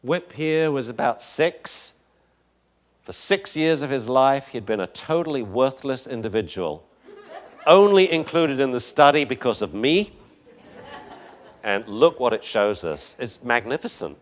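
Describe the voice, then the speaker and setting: A man lecturing on dog behavior over video footage. He is animated and chuckling, and acts out the dogs' voices. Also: medium pitch.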